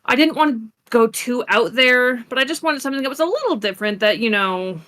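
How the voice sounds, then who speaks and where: A woman guest in a casual chat, telling animated stories and laughing easily. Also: fairly high pitch, fairly quick. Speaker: guest roleplayer.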